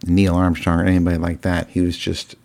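A man's voice: low voice, monotone, fairly quick, vocal fry, darkish tone. A man telling a rambling, casual story to his viewers, with lots of fillers and restarts and chuckling at his own tale. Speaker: vlogger.

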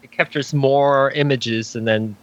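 A man's voice: mid-range voice, fairly even intonation, unhurried, fairly bright tone, lo-fi sound. A man co-hosting a casual tech chat, laughing often and restarting his sentences. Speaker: podcast co-host.

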